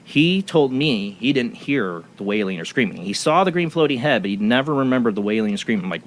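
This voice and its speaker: A man's voice: medium pitch, lively intonation, fairly quick, hardly any pauses, a little hiss or hum. A man hosting a talk show, telling a personal story in a rambling way with many restarts. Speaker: radio show host. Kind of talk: casual radio talk show chat.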